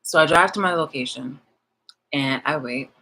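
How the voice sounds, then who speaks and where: A woman's voice: low voice, normal speed, sharp tone, slight background noise, poor audio. A woman ranting on a live stream. She is agitated and swears often, repeating phrases for emphasis. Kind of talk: live-streamed personal rant.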